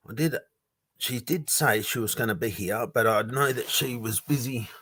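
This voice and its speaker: A man's voice: mid-range voice, fairly bright tone, slightly rough, no room sound. Chatty man hosting a livestream. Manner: rambling, chatty, reads viewer comments aloud. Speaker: livestream host. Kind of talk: casual livestream chat.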